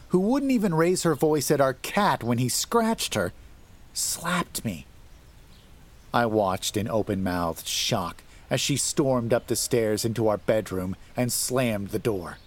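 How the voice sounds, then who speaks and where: A man narrating a scripted horror story in a measured, dramatic way that rises to tense emphasis. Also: on the low side.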